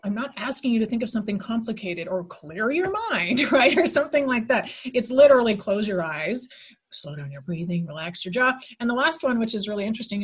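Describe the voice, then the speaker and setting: A woman guest on a podcast, explaining relaxation steps in a soft, slow, hypnotic guiding manner. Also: medium pitch, husky. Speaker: podcast guest, teacher of mental techniques. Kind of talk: podcast conversation.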